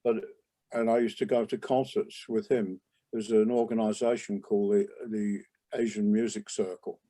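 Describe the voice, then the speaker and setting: An older man, a jazz trumpeter, reminiscing in a relaxed interview, rambling with many restarts and asides. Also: lowish voice, moderate pace. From England.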